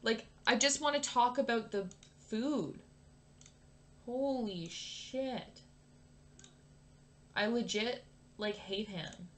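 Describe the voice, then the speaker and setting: A woman's voice: fairly high pitch, a little slow. Swearing, ranting young woman gamer. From Canada. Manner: swears a lot, rants at the game in exasperation. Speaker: gaming YouTuber. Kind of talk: casual gameplay commentary.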